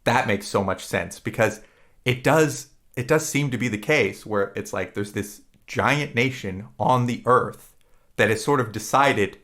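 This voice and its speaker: A man's voice: medium pitch, fairly bright tone. A man co-hosting a podcast, rambling and swearing casually as he retells movie scenes. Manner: rambling, profane, retells scenes with quick impressions. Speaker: podcast co-host.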